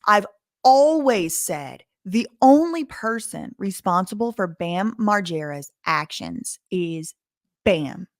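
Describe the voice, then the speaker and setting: A woman hosting commentary, talking indignantly and repeating her points with deliberate stresses. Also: mid-range voice, no room sound, studio quality. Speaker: commentary channel host. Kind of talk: emphatic to-camera commentary.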